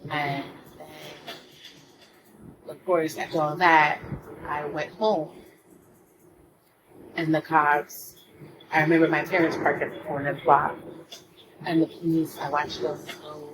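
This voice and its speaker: Low-voiced woman, soft and halting. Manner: soft-spoken and halting, often dropping to a near whisper. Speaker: vlogger. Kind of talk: casual storytime monologue. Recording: steady background noise.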